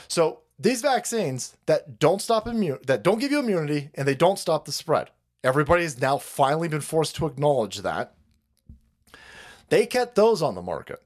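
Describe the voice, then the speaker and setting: A man hosting a livestream, ranting with heavy profanity and mocking laughter. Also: a little high. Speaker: streamer host.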